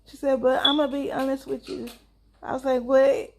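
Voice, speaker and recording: Young mom vlogging, high-pitched and a bit raspy, chatty, acts out the conversations she retells. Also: level tone, a little fast. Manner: chatty, addresses viewers as y'all, acts out dialogue. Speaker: vlogger and mother. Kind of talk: casual storytelling to camera.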